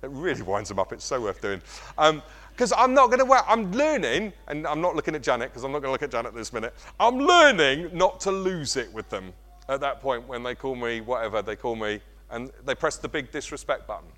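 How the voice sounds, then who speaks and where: A middle-aged man preaching a sermon, animated and self-mocking. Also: mid-range voice, brisk. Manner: animated, self-mocking, acts out kids' voices. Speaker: pastor.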